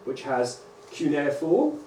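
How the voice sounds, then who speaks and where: A man, a rabbi, giving a lively conference lecture to teachers and often checking in with "right?" and "okay?". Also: fairly high pitch, takes it slowly. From England. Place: large lecture hall. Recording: echoey hall, distant mic, faint hum.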